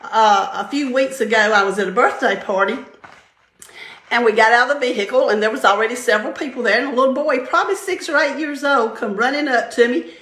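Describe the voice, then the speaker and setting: A woman's voice: fairly high pitch, a little fast, a bit bright. An older woman giving a casual devotional talk, chatty and storytelling, laughing often. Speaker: vlogger sharing faith-based encouragement. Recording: roomy echo.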